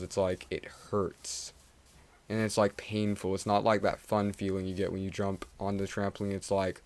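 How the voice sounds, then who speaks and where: A young man, streaming a game and chatting casually in a rambling way, full of fillers and restarts. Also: on the low side. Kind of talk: casual rambling chat while playing a game. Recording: game music playing clearly behind the voice.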